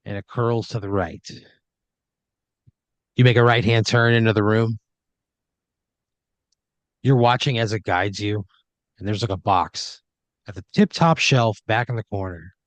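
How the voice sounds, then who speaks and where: A man's voice: lowish voice, a little slow, pauses often, no echo. A man narrating an improvised comedy scenario in a loose, rambling way. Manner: rambling, loose narration with fillers, puts on voices for characters. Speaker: host.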